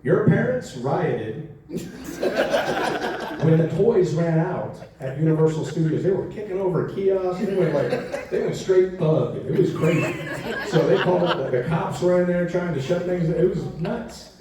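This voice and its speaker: An actor appearing as a convention panel guest answers Q&A with stories, animated and laughing often as he acts out quotes. His voice sits a little high and his pace is measured, with a crowd audible behind him. It was captured from far off in a large, echoey convention hall with faint noise.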